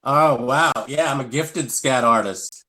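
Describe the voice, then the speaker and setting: A man's voice: medium pitch, unhurried, bright, forceful tone. A man, a comedian guest, telling rambling self-deprecating stories in casual live-stream chat. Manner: rambling, self-deprecating storytelling with scat vocal bits.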